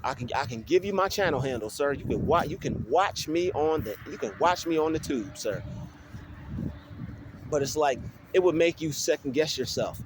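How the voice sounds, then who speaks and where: A young man vlogging on his phone while walking outdoors in a field, talking in an animated, ranting way with many restarts. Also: fairly high pitch, moderate pace, noisy background. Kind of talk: casual vlog monologue. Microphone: phone held while walking.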